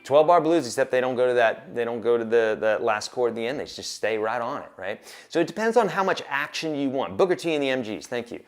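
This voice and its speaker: A man's voice: mid-range voice, lively intonation, quick pace, few pauses. Casual man teaching guitar on a livestream. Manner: casual, encouraging, counts and scats beats aloud.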